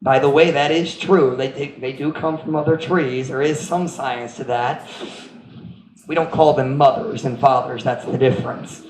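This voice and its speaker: A man's voice: medium pitch, steady tone, moderate pace, echoey room, background noise. A man preaching as a pastor, telling a playful children's story and switching between English and Cebuano. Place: church hall.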